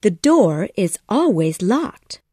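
A woman voicing a patient, gentle mother in a storybook audiobook, asking questions mildly. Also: mid-range voice, very animated, slow pace, breathy edge, no echo, studio quality, full character voice.

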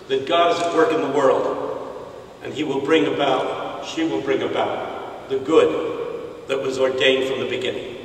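A man giving a sermon to a large audience, telling jokes and stories that swell into shouted refrains. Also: medium pitch, a little hiss or hum. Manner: humorous storytelling that swells into shouted call-and-response. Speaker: preacher. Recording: echoey hall from far off with crowd.

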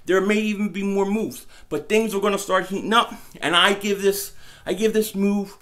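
A man talking in a casual sports vlog, excited and rambling, his speech slurred because half his face is numb from the dentist. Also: high-pitched, moderate pace. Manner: excited, rambling, repeats himself. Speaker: sports vlogger.

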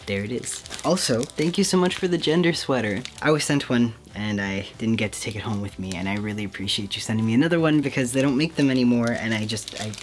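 A vlogger from Quebec, softly and sentimentally chatting to camera while opening mail at home. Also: mid-range voice, quick pace, hardly any pauses, slight background noise. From Quebec, Canada. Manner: soft-spoken, sentimental, often says "heckin'". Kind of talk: casual unboxing chat to camera. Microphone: camera mic with ring light.

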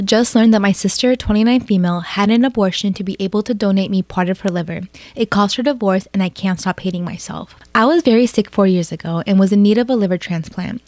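A woman's voice: medium pitch, a little mellow, dry recording. A woman reading posts aloud in a storytime vlog, breaking in with blunt, sweary comments. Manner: blunt, swears freely in reactions. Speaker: storytime vlogger.

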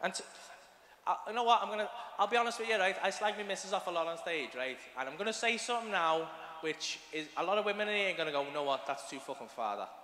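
A man with a Liverpool accent does a crude, swearing stand-up set, acting out scenes as he goes. His voice sits high, and the live recording carries long hall reverb with the audience clearly heard behind him. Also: fast, bright, forceful tone, slight background noise. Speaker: stand-up comedian. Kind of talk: stand-up routine. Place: comedy club stage.

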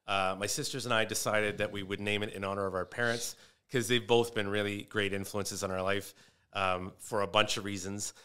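A man's voice: lowish voice, level tone, a little fast, bright, forceful tone, smooth. A man who is a comedian, chatting casually as a podcast guest and telling rambling stories about his family. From Canada. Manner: rambling, storytelling with restarts.

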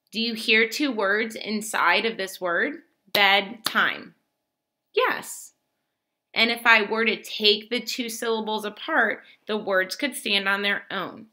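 A woman teacher giving a slow, clearly spoken lesson to young children, praising them often. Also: mid-range voice, sharp tone.

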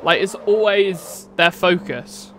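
A rambling man with a fairly high voice chats casually to his viewers while he plays, cursing now and then. Loud racing car engine noise runs behind him the whole time. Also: takes it slowly. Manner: rambling, chatty, swears casually. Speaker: streamer. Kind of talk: casual live-stream chat while racing. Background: racing game engine noise.

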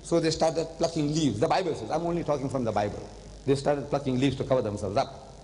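An older man giving an animated religious lecture, telling stories and slipping in phrases. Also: medium pitch, quick pace, slight background noise. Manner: animated storytelling, switching into Hindi-Urdu phrases. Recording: long hall reverb.

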